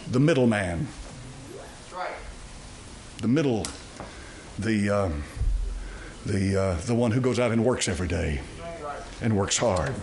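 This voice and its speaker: A male pastor, preaching an emphatic, folksy sermon full of rhetorical questions. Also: on the high side.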